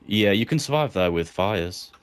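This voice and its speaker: Deep-voiced man on game voice chat. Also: lively intonation, normal speed, clean tone. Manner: relieved, easygoing, swears casually. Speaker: fellow player. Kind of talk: casual voice chat.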